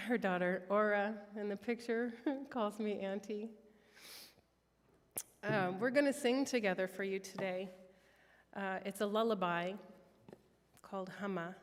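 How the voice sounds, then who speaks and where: A woman telling a heartfelt personal prayer story during a church worship service, soft-spoken and emotional. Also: medium pitch, a little slow, long pauses, big-room sound. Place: church sanctuary.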